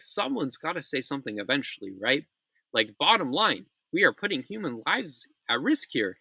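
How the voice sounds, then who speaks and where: A man's voice: medium pitch, bright, forceful tone, no room sound, rough recording. Blunt, profane man ranting. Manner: blunt, profane, opinionated, with frequent restarts. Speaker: news commentary host. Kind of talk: casual news commentary podcast.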